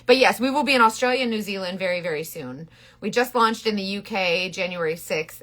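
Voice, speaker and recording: A woman's voice: mid-range voice, a little fast, fairly bright tone. A middle-aged woman chatting bubbly and rambling on a casual makeup live stream, greeting viewers by name. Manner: rambling with frequent restarts.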